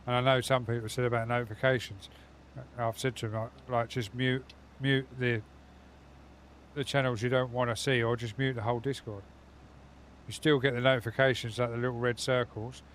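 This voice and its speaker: A man's voice: mid-range voice, flat delivery, fairly quick, fairly bright tone, slight background noise. A man chatting casually with his viewers while streaming a game from his home setup, rambling from one thought to the next. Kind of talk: casual live gaming stream chat.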